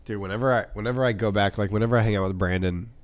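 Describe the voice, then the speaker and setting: A young man co-hosts a laid-back podcast, rambling loosely and filling his sentences with "like." His voice is low, and the recording is dry and close with no room sound. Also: steady tone, very fast, dry recording. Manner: rambling, full of "like" and laughs. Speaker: podcast co-host. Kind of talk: casual chat.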